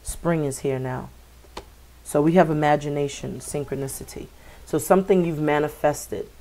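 A woman's voice: low voice, moderate pace, mellow, slight background noise. A woman doing a spiritual tarot reading for her viewers, talking in a meandering way with many fillers and repeated words. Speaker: tarot reader.

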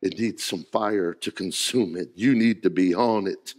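A man preaching a sermon as pastor, folksy in his wording, moving from hushed storytelling to shouted, rising preaching. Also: deep voice, a little slow. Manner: folksy, says "ain't" and "gotta".

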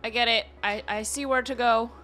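A woman's voice: a little high, steady tone, normal speed, bright, forceful tone, faint music behind. A young woman hosting a gaming channel, reacting to the game as she plays, easily startled, talking to the game and her chat with gasps and exclamations. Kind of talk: casual let's-play commentary.

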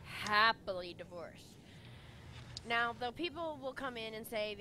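A female podcast co-host tells stories bluntly in a casual chat, swearing heavily and talking with her hands. Her fairly high voice is expressive and sharp-toned, a little slow, with slight background noise behind it.

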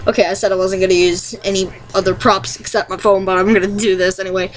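A woman's voice: medium pitch, flat delivery, fast, few pauses. A young woman chatting casually and rambling through an impression challenge, self-deprecating between attempts. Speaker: youtuber doing impressions.

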